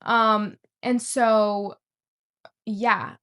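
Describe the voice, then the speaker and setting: A woman's voice: medium pitch, flat delivery, very slow, a bit bright, clear, resonant tone. A young woman vlogger telling a rambling story and swearing casually. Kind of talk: storytime vlog.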